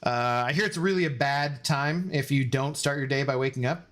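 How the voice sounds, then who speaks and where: A man's voice: medium pitch, moderate pace, a bit bright. A man live-streaming from home, chatting casually with his viewers, greeting them by name and joking around. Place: home room.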